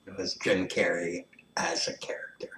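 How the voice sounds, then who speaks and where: A man's voice: low-pitched, flat delivery, moderate pace, fairly bright tone, in a whisper. A man rambling in a casual monologue, sardonic and crude, often mumbling his asides. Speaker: vlogger. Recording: roomy echo, faint background ambience.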